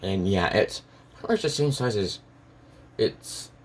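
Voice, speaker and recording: A man's voice: on the low side, animated, a little slow. A man telling a made-up fan story in a casual, rambling way, with constant fillers and restarts.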